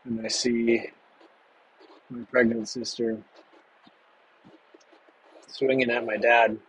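A man telling a personal story from his past in a halting, measured way with long pauses. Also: mid-range voice, flat delivery, slight background noise, rough recording.

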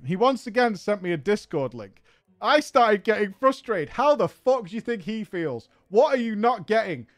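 A man with a high, bouncy voice reads a story aloud for laughs. He keeps breaking off into swearing, giggling commentary. His voice is dry and close, and faint music plays behind it. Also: normal speed, no echo. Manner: animated, profane, laughing asides. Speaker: podcast host reading a story. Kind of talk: comedic story reading with commentary.

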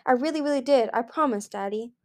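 A woman's voice: high-pitched, fast, voice pushed up, lightly acted. A woman reading the lines of a timid young male dragonet prince who stammers and pleads. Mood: nervous.

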